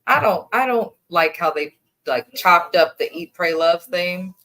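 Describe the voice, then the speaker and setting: Blunt, lower-voiced woman co-host. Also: lively intonation, a little slow, bright, forceful tone. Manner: opinionated, blunt commentary. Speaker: reality TV recap co-host. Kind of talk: casual recap chat.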